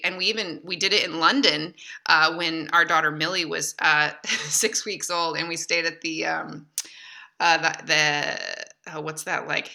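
A woman's voice: deep voice, fairly even intonation, moderate pace, creaky, sharp tone. A woman in her thirties, a podcast guest, telling stories in a chatty way with frequent laughs and fillers. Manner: chatty, laughs often, lots of fillers and restarts. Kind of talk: casual conversational storytelling.

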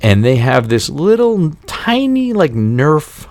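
Gravelly, swearing podcast host. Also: male voice, a little high, big pitch swings, slow pace, a little mellow, dry recording. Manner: profane, exasperated storytelling. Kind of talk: casual podcast rant.

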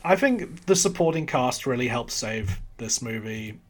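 A man's voice: mid-range voice, expressive, measured pace. A man co-hosting a casual film podcast, rambling with frequent giggles. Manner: giggly, rambling, laughs between remarks. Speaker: podcast co-host reviewing films. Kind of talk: casual chat.

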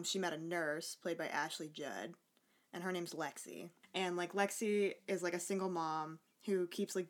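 Chatty, sarcastic woman recapping a movie. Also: low voice. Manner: chatty, sarcastic, swears casually. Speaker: podcast co-host. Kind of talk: casual movie recap chat.

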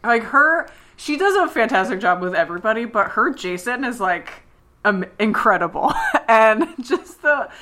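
A woman's voice: a little high, very animated, moderate pace, bright, forceful tone. A woman co-hosting a podcast in casual chat, giggly and enthusiastic, with lots of "like" fillers. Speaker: podcast co-host. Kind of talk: casual chat recapping a TV episode.

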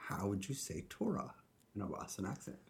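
A man's voice: fairly low pitch, very animated, a little fast, creaky, noisy background. A man co-hosting a podcast, chatting casually and often searching for words. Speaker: podcast co-host. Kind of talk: casual chat.

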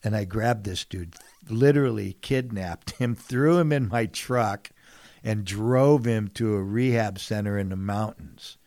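Earnest man from San Diego, low voice. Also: measured pace, no room sound. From San Diego, California. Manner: earnest, emphatic, swings from hushed to loud. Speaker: guest, fisherman and TV personality. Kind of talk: candid storytelling in conversation.

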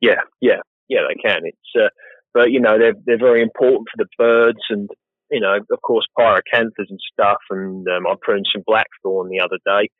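A chatty man talks about his work in a relaxed, rambling way, poking fun at himself now and then. His voice sits on the low side. The sound is thin and phone-like, with no room echo at all. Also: normal speed. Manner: chatty, rambling, self-deprecating. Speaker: guest, professional gardener. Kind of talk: casual interview chat. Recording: tinny phone-like line, dry.

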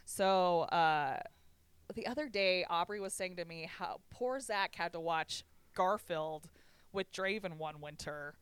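A woman's voice: lowish voice, slow, a little hiss or hum. A young woman co-hosting a podcast, telling stories in casual chat, swearing often and laughing a lot. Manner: profane, laughing storyteller. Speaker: podcast co-host.

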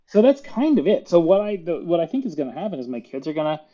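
Man, middle-aged, from Florida, podcast guest, animated storyteller, laughs a lot, muffled lo-fi sound. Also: on the high side, fast talker. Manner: animated storyteller, acts out quoted voices, laughs often. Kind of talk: casual podcast chat.

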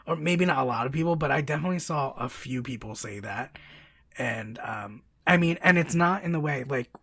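Brief: excitable podcast co-host, woman, raspy with fry. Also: rumbling low, fairly quick. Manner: excitable, chatty, many fillers and restarts. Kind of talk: casual chat.

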